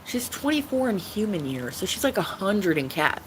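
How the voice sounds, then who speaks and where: On her own livestream, a woman talks casually, rambling and repeating herself with many restarts and frequent swearing. Her medium-pitched voice is very animated at a normal speed, and the rough recording carries a little hiss or hum.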